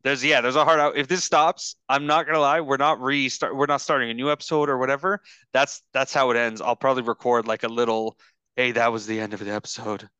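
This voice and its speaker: A podcast host chatting casually over a video call, rambling and halting with lots of fillers. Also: male voice, medium pitch, steady tone, sharp tone, smooth, dry recording. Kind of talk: casual chat.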